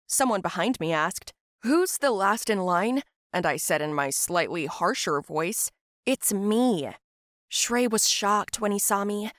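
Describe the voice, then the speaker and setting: A woman's voice: mid-range voice, a bit bright, no echo, clean studio sound. A woman narrating a first-person story and voicing all the other characters herself.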